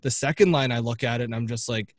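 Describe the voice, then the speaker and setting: A man's voice: medium pitch, fast talker, no echo. Male guest on a sports podcast, chatty analyst, dry close sound. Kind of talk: casual sports chat.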